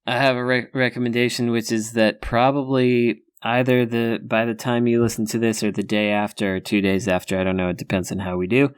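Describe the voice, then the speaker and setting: Smooth-voiced man, earnest and plain. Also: mid-range voice. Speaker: podcast panelist. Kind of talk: casual chat.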